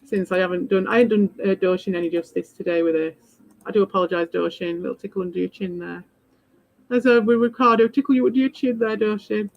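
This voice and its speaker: A woman's voice: mid-range voice, fairly even intonation, fast, no room sound, highs cut off. A woman chatting casually while she streams a game, rambling from thought to thought and swearing freely as she gets worked up. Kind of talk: casual live-stream chat while playing.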